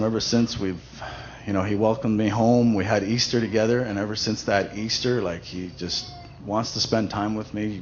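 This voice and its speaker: A man with a lowish voice gives a personal testimony at a church event. He talks in a loose, conversational way, full of fillers and restarts. The recording is dull and lo-fi, with a faint hiss of noise underneath.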